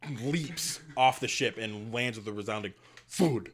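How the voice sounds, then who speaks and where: A man narrating as game master in a tabletop game, rambling and animated, with lots of fillers. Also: on the low side, a little slow, husky.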